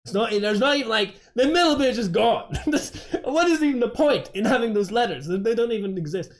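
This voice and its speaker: A man's voice: sits high, lively intonation, fairly quick, few pauses. A man from Dorset with an English accent, chatting casually and rambling with lots of fillers while streaming a game. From England, Dorset. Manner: rambling, chatty, self-interrupting with many fillers.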